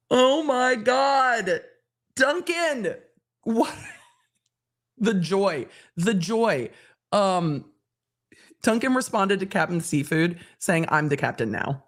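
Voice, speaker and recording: A woman's voice: mid-range voice, very animated, slow, pauses often. Woman, live stream host, laughing, incredulous, chatty reactions.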